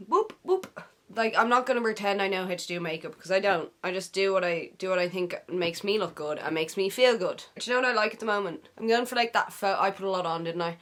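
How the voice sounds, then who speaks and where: A young woman with an Irish accent does a casual get-ready-with-me vlog from her bedroom, her medium-pitched voice bright and forceful. As a beauty vlogger, she's playful and slangy, throwing in silly made-up words.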